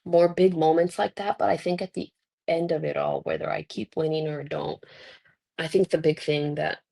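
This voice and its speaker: A young woman talking in a casual interview, her voice sitting low with a gravelly fry. She tells lively stories, puts on voices for the people she quotes, and laughs often. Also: moderate pace. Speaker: guest wrestler. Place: Mexico.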